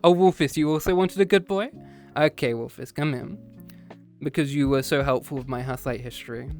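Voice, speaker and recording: A man's voice: fairly high pitch, brisk, darkish tone, faint music behind. A man streaming a casual chat with his viewers after a history lesson, playful and teasing, often slipping into meows and growls.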